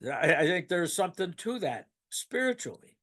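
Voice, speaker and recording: An older man with a high, sing-song voice and a fairly bright tone speaks at a moderate pace. He gives a rambling, emotional personal testimony at a recovery meeting, laughing and choking up as he tells his story casually.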